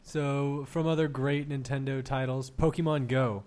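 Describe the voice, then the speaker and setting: Male podcast host, mid-pitched, relaxed news-reading delivery, casual and profane. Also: moderate pace. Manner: reads news items, swears casually. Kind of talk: casual chat.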